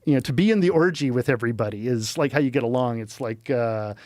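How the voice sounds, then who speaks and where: A middle-aged man talking casually as a podcast guest, telling animated, rambling stories full of quoted asides. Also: medium pitch, rapid-fire, no echo. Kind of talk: casual chat.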